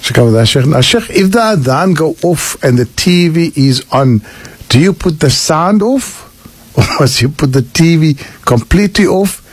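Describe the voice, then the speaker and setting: Man, community radio host; husky mid voice, dry studio mic, reads out listener questions. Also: a little high, expressive, normal speed, no room sound. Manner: reads questions aloud, brief affirming hums. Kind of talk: radio call-in Q and A. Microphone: radio studio microphone.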